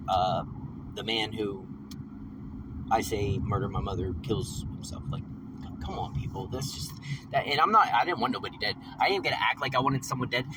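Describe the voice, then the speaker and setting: Angry guy venting in his car vlog, lowish sharp voice, kinda far from the mic, faint road noise. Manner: agitated, profane, repetitive storytelling. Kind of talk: rambling vlog rant. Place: in a vehicle after work.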